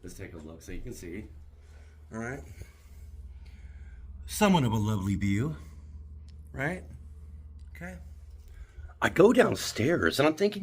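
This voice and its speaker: A man telling an indignant, animated story in a ranting vlog, filmed on a handheld phone in a hotel room. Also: mid-range voice, measured pace, long pauses, breathy edge. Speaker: vlogger.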